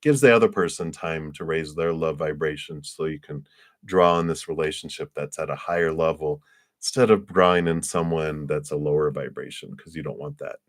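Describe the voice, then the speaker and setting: A man giving live tarot readings, chatty and animated, who acts out little scenes in high voices and often laughs. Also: moderate pace. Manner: frequent laughs and fillers. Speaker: tarot reader.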